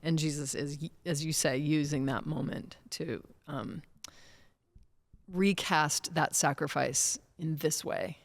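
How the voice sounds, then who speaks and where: A woman's voice: low voice, slow. A woman co-hosting a church podcast, reflecting on scripture in an engaged, affirming way. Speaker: podcast co-host. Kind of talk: conversational scripture discussion.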